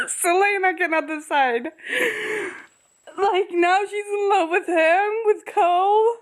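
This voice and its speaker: A woman chatting casually in a reading vlog, gushing and reacting to a story, laughing often and sometimes dropping to a soft murmur. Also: very high voice, slow pace. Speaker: book vlogger.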